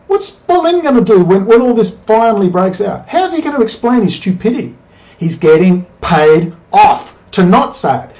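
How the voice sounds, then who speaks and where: A man's voice: high-pitched, very animated, a little mellow. Combative man ranting to camera. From Australia. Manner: combative, profane, rapid-fire rhetorical questions. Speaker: political video commentator.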